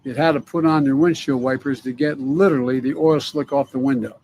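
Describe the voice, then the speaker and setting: An older politician rambles through a speech in an archive clip, his words slurring together. His voice is mid-pitched. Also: steady tone, brisk, few pauses, darkish tone, a little hiss or hum, rough recording.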